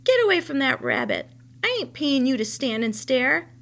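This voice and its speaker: Woman putting on a loud bossy old farm woman. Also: high voice, expressive, moderate pace, vocal fry, husky, exaggerated voice. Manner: loud, commanding, folksy.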